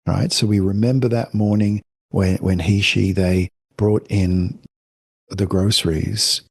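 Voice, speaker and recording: A middle-aged man, a family counselor, explaining his ideas in a gentle, reflective way in a podcast interview. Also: on the low side, gravelly, slightly rough, no room sound, clean studio sound. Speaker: guest, family counselor and author.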